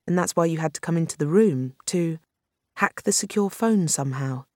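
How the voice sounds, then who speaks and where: A reader voicing a sharp female aide who talks quickly, apologetic as she pieces things together. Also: low voice, lively intonation, no room sound, studio quality. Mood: urgent.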